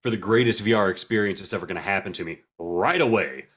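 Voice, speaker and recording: A man with a somewhat low voice co-hosts a gaming podcast. He talks in an animated, playfully dramatic way and jokes a lot. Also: quick pace. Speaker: podcast co-host. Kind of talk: casual gaming podcast chat.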